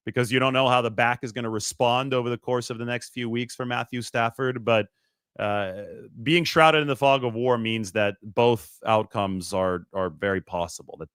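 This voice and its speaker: A man hosts his own sports talk show with an animated, bursting delivery. His voice is smooth and resonant at a middle pitch. The sound is dry and close to the mic. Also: no echo. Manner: animated, talks in bursts with wide swings in pitch and loudness. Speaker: sports reporter and show host. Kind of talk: casual sports commentary to camera.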